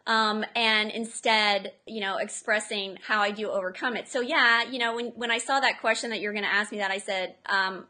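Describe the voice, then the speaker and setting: Bright, animated woman storyteller. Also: on the high side, a little fast, few pauses. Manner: animated storyteller, acts out quotes. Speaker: interview guest, entrepreneur. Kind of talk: casual interview talk.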